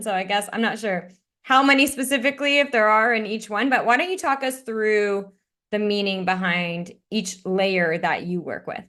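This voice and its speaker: A woman's voice: mid-range voice, lively intonation, moderate pace, a bit bright. A woman hosting a podcast, chatty and enthusiastic, speaking directly to her listeners. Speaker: podcast host. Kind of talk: casual interview chat.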